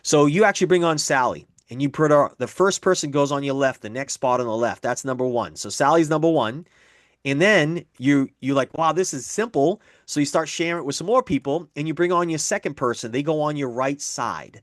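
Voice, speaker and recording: In this studio-quality recording without room sound, a man with a fairly high voice presents business figures one step at a time at a slightly quick pace. He repeats the numbers and acts out sample exchanges.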